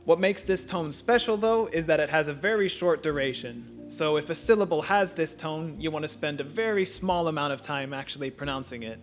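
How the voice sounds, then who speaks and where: Man explaining in a calm voice-over. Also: a little high, a little fast, hardly any pauses, faint music behind. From United States. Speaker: language teacher. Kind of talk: scripted voice-over lesson.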